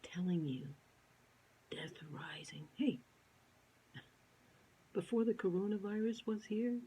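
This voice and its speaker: A woman's voice: medium pitch, unhurried, a little hiss or hum, poor audio. A woman telling a personal story to camera, acting out quoted lines and often dropping into a whisper. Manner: animated, acts out quotes, often drops to a whisper. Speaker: vlogger.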